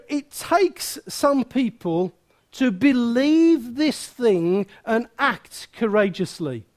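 A man preaching a sermon in a lively, joking way, with sudden loud outbursts. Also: very high voice.

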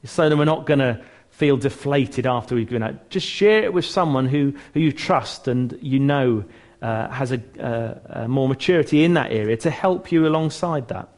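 A man of middling pitch delivers a relaxed church teaching talk. He speaks earnestly but conversationally, often restarting his sentences and slipping in self-mocking humour. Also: moderate pace.

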